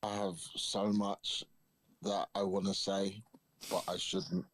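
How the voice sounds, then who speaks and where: A man's voice: sits low, little pitch movement, slow, fairly bright tone. A man, amused and holding back laughter in a casual livestream chat.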